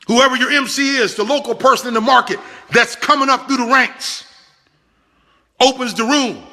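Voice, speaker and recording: A man gives a motivational business talk with a bright, forceful voice. His speech is animated and pleading, and he repeats his points over and over for emphasis. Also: very high-pitched, normal speed. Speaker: business trainer.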